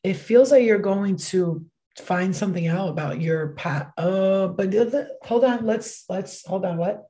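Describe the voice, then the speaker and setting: A woman's voice: mid-range voice, unhurried, warm tone. A woman giving a casual livestream tarot reading, chatty and rambling, swearing casually as she goes. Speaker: tarot card reader.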